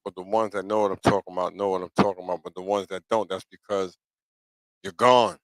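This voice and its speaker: A middle-aged man with a New York accent talks straight to his livestream viewers in a loose, preachy monologue, checking in with "you know what I'm saying?" over and over. His voice sits fairly low. The sound is close and dry, with no room echo. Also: steady tone, fast. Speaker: live talk show host.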